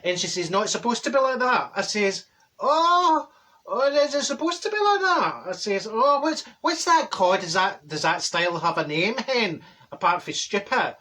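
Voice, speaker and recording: A man's voice: sits high, very animated, normal speed, sharp tone, full character voice. A man voicing a brash, chatty middle-aged woman with a Glaswegian accent, telling a comic story in a blunt, gossipy way. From Glasgow. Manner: gossipy, blunt, self-described people person. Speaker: comedy character. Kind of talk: character comedy monologue.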